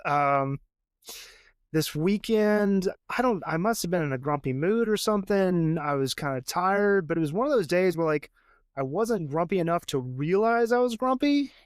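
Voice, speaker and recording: Chatty man with a smooth, higher voice. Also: animated, moderate pace, no echo, studio quality. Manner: rambling and chatty, full of fillers, acts out what others said. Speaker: podcast guest, father and jewelry designer. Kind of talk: casual conversation.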